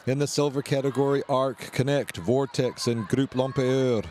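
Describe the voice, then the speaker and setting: A man giving brisk live play-by-play commentary at a canoe polo match and reading out a list of sponsors. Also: mid-range voice, steady tone, a little mellow, a little hiss or hum.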